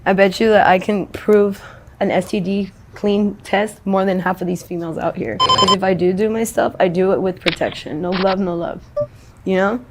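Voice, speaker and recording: A woman's voice: medium pitch, moderate pace. Woman interviewee, rambling blunt talker who swears a lot, noisy street recording behind her.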